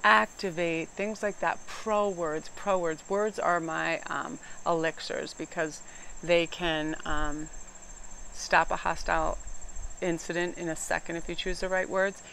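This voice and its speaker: A middle-aged woman, giving a casual, animated tarot reading outdoors and sometimes getting loud and emphatic. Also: lowish voice, unhurried, gravelly, a little hiss or hum. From New England. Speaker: tarot reader.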